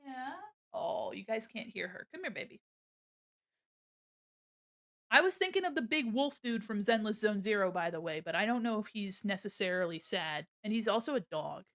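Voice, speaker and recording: A woman's voice: mid-range voice, expressive, fairly quick, hardly any pauses. A woman streaming her art, chatting casually and slipping into baby talk with her cat, on a desk mic at home. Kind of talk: casual live-stream chat. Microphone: desk mic on an arm.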